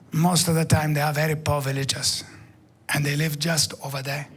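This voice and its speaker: A comedian playing a calm adult male safari guide who lectures slowly and patiently during a stand-up bit. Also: on the high side, husky.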